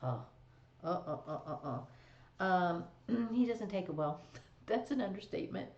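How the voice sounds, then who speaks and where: A woman's voice: fairly low pitch, animated, a little slow, a little mellow. A woman hosting a live stream, recapping a drama in casual chat with fillers and laughs. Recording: echoey, dull lo-fi stream audio.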